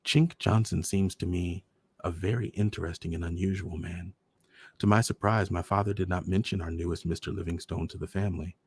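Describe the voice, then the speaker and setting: A man hosting a storytime show, reading a short story aloud in a measured, deliberate way. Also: sits low, steady tone, breathy edge. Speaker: storyteller host.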